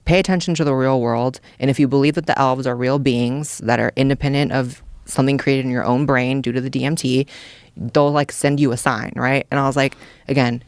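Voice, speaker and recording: A man's voice: mid-range voice, steady tone, brisk, clean tone, no echo. A man in casual podcast chat, earnestly telling a story and quoting the people in it. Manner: earnest, chatty, quotes people in dialogue. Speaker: podcast guest.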